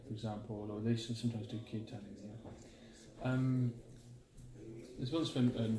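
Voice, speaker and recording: A man's voice: medium pitch, steady tone, moderate pace, warm tone. Chatty man guiding a tour. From Birmingham, England. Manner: chatty, explanatory, with fillers. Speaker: tour guide. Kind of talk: casual guided walking tour. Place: outdoors and indoors on a large country estate.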